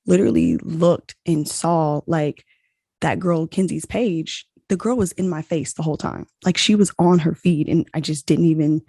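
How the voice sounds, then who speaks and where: A young woman hosting a podcast, telling a story in a casual, animated way and saying "like" a lot. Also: sits low, moderate pace, slightly rough, dry recording. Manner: animated, heavy use of "like", acts out quoted dialogue. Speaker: podcast host.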